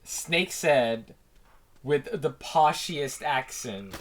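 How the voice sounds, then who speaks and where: A man's voice: medium pitch, takes it slowly. A man co-commentating a game in a playful, teasing, sarcastic way. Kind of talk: casual let's-play commentary.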